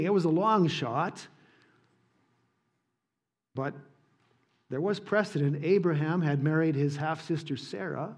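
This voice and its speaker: A man preaching a sermon in church, earnest and emphatic, dropping soft on key points. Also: a little high, unhurried, pauses often, breathy edge. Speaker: pastor.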